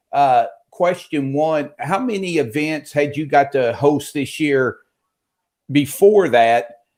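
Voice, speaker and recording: A man's voice: medium pitch, a little mellow. A man from Arkansas hosting a casual interview show, friendly and joking, asking long multi-part questions. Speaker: show host.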